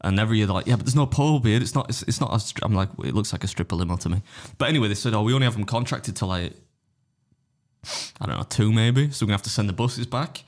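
A competitive eater co-hosting a casual podcast fires off anecdotes rapidly, acting out what other people said and swearing freely. His voice is fairly low and slightly mellow.

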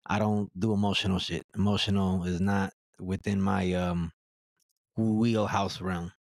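A man's voice: sits low, little pitch movement, a little slow, gravelly, no room sound. Blunt, profane man, dry close mic. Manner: blunt, profane and direct, stuttering restarts. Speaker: podcast guest. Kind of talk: blunt casual chat.

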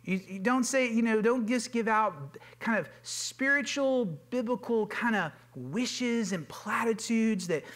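A pastor delivers a sermon in a loose, conversational way, his voice sitting high for a man. He is earnest and informal, often doubling back on words and filling gaps with casual asides. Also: animated, a little slow, hardly any pauses, fairly bright tone. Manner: informal and earnest, with frequent fillers and repeated words. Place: church sanctuary.

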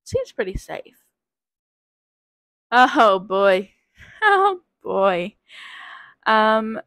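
A nineteen-year-old woman with a slightly high voice, sick with covid, takes a quiz aloud in a casual vlog, rambling hesitantly and putting herself down. The audio is low quality with no room sound.

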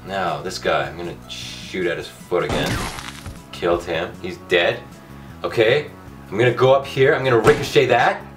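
A man commentating his own gameplay for a comic video, loud and excitable, ranting and yelling at the game, his voice going hoarse. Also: sits low, moderate pace, far from the mic, music in the background. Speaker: gaming video host.

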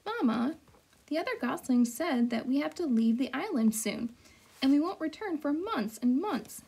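A woman voicing a curious young male gosling in a storybook read-aloud, asking questions in quick bursts. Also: sits high, lively intonation, vocal fry, warm tone, pitched above the performer's own voice.

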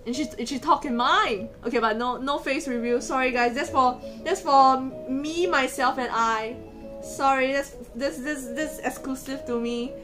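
A woman streaming casually from a hotel room. She is excitable and giggly, and often repeats words and restarts her sentences. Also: high-pitched, unhurried, over music. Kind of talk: casual live stream chat.

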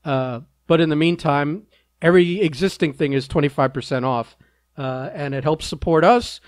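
A man hosts a podcast in casual talk, cracking dry, teasing jokes in an offhand way. His voice sits a little high. The sound is close and dry, with no room echo. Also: normal speed. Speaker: podcast host.

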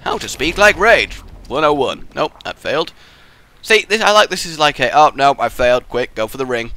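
A young man talks over his gameplay in a bright, forceful voice. His pitch swings widely as he jokes, cheers and yells at his mistakes, in a casual let's play style. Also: moderate pace. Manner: excitable, jokey, yelps and shouts at failures. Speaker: gaming YouTuber.

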